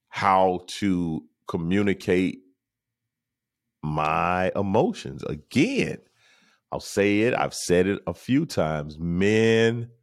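Slow, animated man giving advice. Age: adult. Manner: preachy, repeats phrases for emphasis; mocks others in high teasing voices. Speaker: podcast host. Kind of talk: casual monologue.

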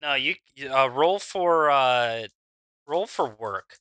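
A man narrating as game master of a tabletop wrestling game, measured and full of fillers. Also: medium pitch, lively intonation, a bit bright, clean tone, no echo.

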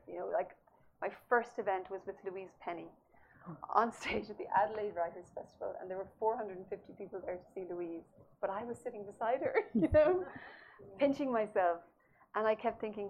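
A woman's voice: mid-range voice, brisk, vocal fry. A woman author as an interview guest, telling her story animatedly and laughing often. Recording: slightly dull audio with faint noise.

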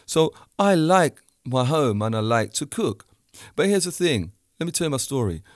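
A man's voice: mid-range voice, normal speed, no echo, clean studio sound. A man from the UK talking straight at the listener in a ranting monologue, acting out both sides of his stories. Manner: animated storytelling, acts out both sides of dialogue.

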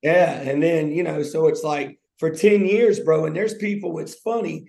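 A man's voice: a little high, fairly even intonation, normal speed, vocal fry, mellow. A male podcast co-host who works as an athletic trainer, talking in an informal, slangy way. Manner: informal and slangy, says "bro" and "man". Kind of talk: casual chat. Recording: roomy echo.

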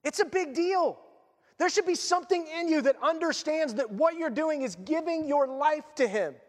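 A man's voice: very high voice, lively intonation, moderate pace, big-room sound. A man preaching a sermon, speaking emphatically and repeating his key phrases.

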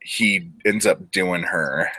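Male co-host, very deep, dry close sound, rambling profane storyteller. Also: slow pace, pushed and bright, husky, no echo. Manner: rambling, profane, acts out characters in quotes. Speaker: podcast co-host. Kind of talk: casual movie recap chat.

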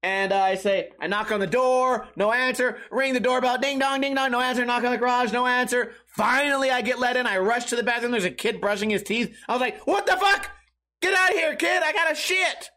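A man with a rather high voice tells crude, profanity-laced stories as a podcast host. He rambles from one bit to the next, laughs at his own jokes, and jumps into the voices of the people in his stories. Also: fairly even intonation, fairly quick, few pauses, sharp tone. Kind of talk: comedic storytelling monologue.

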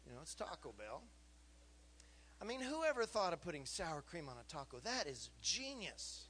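A man in his fifties preaching with an animated, joking delivery and a fairly high voice. He keeps turning to the congregation with questions. A faint hum sits under the live church recording. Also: moderate pace. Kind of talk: sermon.

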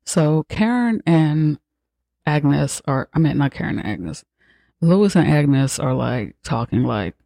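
A man's voice: on the high side, sing-song, slow pace, vocal fry, dark tone, no echo. A man hosting a podcast, retelling a film in a casual, profane, sarcastic way. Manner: profane, sarcastic, slangy storytelling. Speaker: podcast host recapping a film. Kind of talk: casual movie recap.

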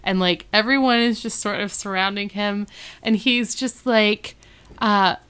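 A woman's voice: mid-range voice, steady tone, a little slow, fairly bright tone, smooth. A woman co-hosting a podcast, chatting casually and retelling TV scenes with quoted lines. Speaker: podcast co-host recapping a TV episode. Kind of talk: casual chat.

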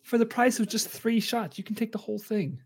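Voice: medium pitch, steady tone, a little fast, breathy edge. A game master narrating a comedic tabletop game, often giggling between lines.

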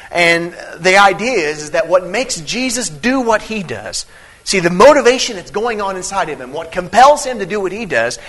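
Male preacher, sermon, bright tense voice, slightly high, earnest and conversational, emphatic then hushed, restarts often. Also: rough recording. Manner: swings between emphatic teaching and quiet storytelling. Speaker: pastor. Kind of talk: evening sermon with personal stories.

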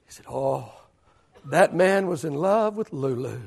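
A man in his fifties preaching a sermon to a church, swinging between loud declarations and hushed whispers. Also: on the high side, expressive, measured pace, gravelly, breathy edge. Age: 50s. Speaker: pastor.

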